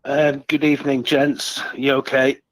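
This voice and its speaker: A man calling in to a live stream, speaking in a halting, hesitant way with lots of fillers and some swearing. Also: medium pitch, flat delivery, crowd noise, rough recording. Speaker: caller. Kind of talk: casual call-in chat.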